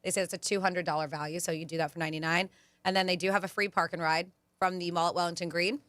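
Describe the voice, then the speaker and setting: A woman hosting a radio show, chatting casually and reading out event deals with quick asides. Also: fairly low pitch, steady tone, a bit bright, no echo. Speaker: radio host.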